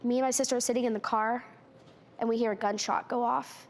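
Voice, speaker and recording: A woman's voice: fairly high pitch, fairly even intonation, slight background noise. Young woman recounting a family ordeal. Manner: halting, tearful retelling with quoted speech. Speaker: guest. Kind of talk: emotional storytelling on a talk show.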